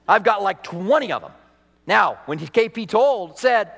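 A man's voice: sits high, big pitch swings, moderate pace, vocal fry, fairly bright tone. A male pastor preaching a conversational sermon, joking at his own expense. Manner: conversational, self-deprecating, laughs at himself. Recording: long hall reverb.

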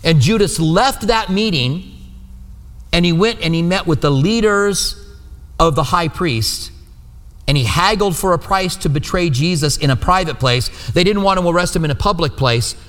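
A high-voiced man with a fairly bright tone preaches at a moderate pace, keeping his church sermon conversational and frequently asking the room for agreement. It's a teaching sermon, and the recording carries a long hall reverb.

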